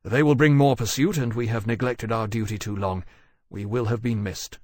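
A man's voice: brisk, a little mellow, no room sound, clean studio sound, natural voice. A man voicing a reserved male officer who answers curtly. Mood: terse. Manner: curt, low.

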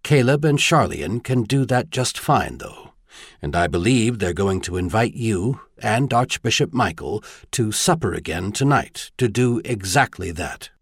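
A man's voice: fairly low pitch, animated, a little slow, slightly rough, no room sound, studio quality, exaggerated voice. A man voicing a tall, kindly advisor in an audiobook, earnest and lightly wry.

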